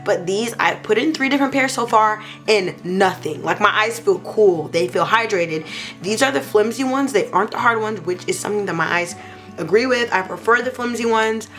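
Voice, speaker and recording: A young woman in a casual beauty review vlog, talking playfully and gushing with excitement. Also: medium pitch, moderate pace, soft background music. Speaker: beauty vlogger.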